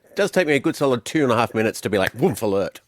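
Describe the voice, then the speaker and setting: A man's voice: medium pitch, lively intonation, rapid-fire, no echo, clean studio sound. A man co-hosting breakfast radio, chatting casually with a guest.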